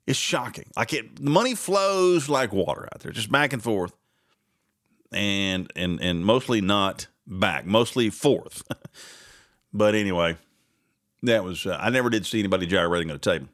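A man's voice: on the low side, animated, moderate pace, fairly bright tone. A man hosting a casual talk show, rambling and sarcastic and laughing often between asides. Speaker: radio host.

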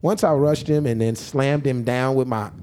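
A man telling a story on a podcast in a casual, animated and profane way. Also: medium pitch, moderate pace. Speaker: podcast guest or host.

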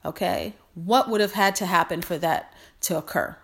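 Woman podcast host, lower voice, warm repetitive pep talk. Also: moderate pace, slightly rough. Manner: affectionate, repetitive, encouraging. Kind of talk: motivational monologue.

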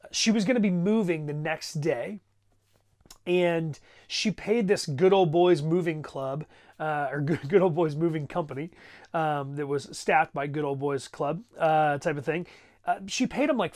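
A man in his thirties preaching a sermon, telling a story in a conversational way and checking in with the congregation. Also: on the high side. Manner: conversational, checks in with "right?" and "okay?". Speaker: pastor.

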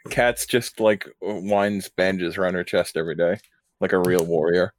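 A young man on a podcast, joking crudely in a deadpan way. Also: low-pitched, normal speed. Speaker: podcast co-host. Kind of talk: casual chat.

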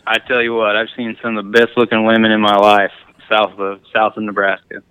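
Smooth-voiced, easygoing male podcast guest. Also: fairly low pitch, monotone, sharp tone, no room sound, rough recording. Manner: easygoing, plain-spoken, halting restarts. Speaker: podcast guest, duck hunter. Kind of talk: casual interview chat.

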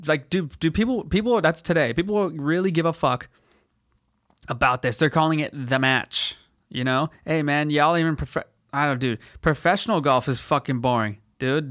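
A man's voice: on the high side, fairly bright tone, no room sound, studio quality. A man in his twenties from California, hosting a podcast in a rambling, profane solo rant that leans on "dude" constantly. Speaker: podcast host.

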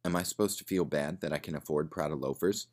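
A man's voice: a bass voice, fast. A man voicing a prickly, well-off woman who answers defensively in a bar. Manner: defensive, sharp retorts.

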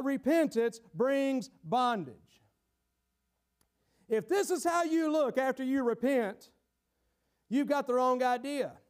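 A man preaching a sermon in a dramatic style, acting out the voices of a guilty sinner and sometimes shouting for emphasis. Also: very high-pitched, smooth.

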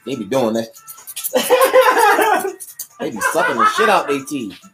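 A woman with a remarkably deep voice holds forth in a loose, profane livestream ramble. She talks like a podcast host hanging out with the audience, full of street slang. Music plays clearly in the background. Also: big pitch swings, measured pace. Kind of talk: casual livestream rant. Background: music playing.

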